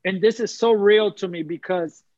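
A man's voice: sits high, moderate pace, darkish tone, dry recording, muffled recording. A man giving an emotional personal testimony on a talk show, earnest and preacherly, repeating phrases for emphasis. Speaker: guest sharing testimony.

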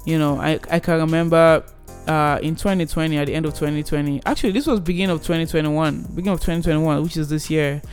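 A young man in his twenties casually telling a personal story, animated and rambling with many restarts. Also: on the high side, fast talker, few pauses, faint music behind.

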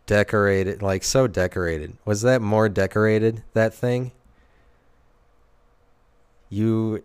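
Male, low and smooth-voiced, rambling sardonic solo talker who keeps correcting himself. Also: slow, pauses often, no echo. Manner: self-interrupting, sardonic, restarts sentences.

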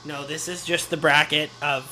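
Young podcast co-host with a bright, sharp tone, dry and teasing, slightly high voice. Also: male voice, flat delivery, moderate pace, slight background noise, low-quality recording. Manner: dry, teasing, matter-of-fact. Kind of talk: casual sports chat.

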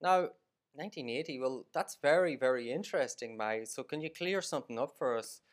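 A man's voice: mid-range voice, lively intonation, fairly quick. A man, hosting a casual interview in a playful, teasing way with hesitant restarts. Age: 40s. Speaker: host.

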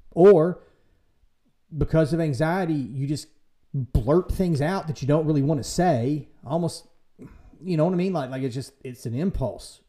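A man hosting a casual church podcast, talking in a lively way and acting out quoted voices for humor. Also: medium pitch. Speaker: podcast host and church leader. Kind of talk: casual faith discussion.

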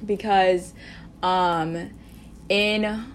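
A woman's voice: medium pitch, steady tone, very slow, a little hiss or hum. A teenage girl co-hosting a podcast, talking in a rambling, laid-back way full of "like" and "you know". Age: teens. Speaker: podcast co-host. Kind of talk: casual chat.

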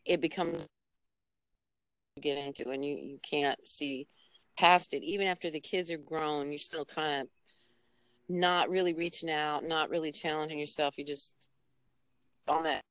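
A woman with a lowish voice speaks as a guest on a podcast over a remote call. She is reflective and halting, restarting her sentences often. The sound is dry and close. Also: steady tone, fairly bright tone, smooth, dry recording. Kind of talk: casual interview conversation.

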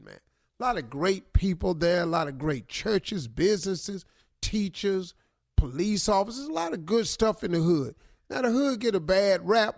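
A man giving comic advice on a radio show, acting out loud neighbors in playful shouted bits. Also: sits high, creaky. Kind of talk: comedic advice talk.

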